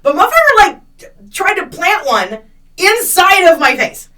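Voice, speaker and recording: Far from the mic, a woman co-hosting a podcast tells a story in casual chat at a moderate pace, her voice very high-pitched. She swears freely and animatedly acts out what people said.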